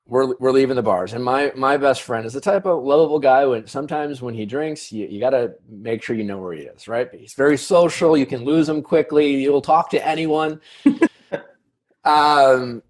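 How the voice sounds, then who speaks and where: A podcast host casually tells a long personal story at a moderate pace and medium pitch, his speech full of fillers and tag questions.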